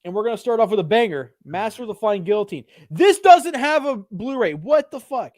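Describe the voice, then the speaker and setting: Man, fairly high voice, dry close sound, animated casual film chat, cusses freely. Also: a little fast, no room sound. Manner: animated, swears freely, does mocking put-on voices. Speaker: podcast co-host. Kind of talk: casual chat about films.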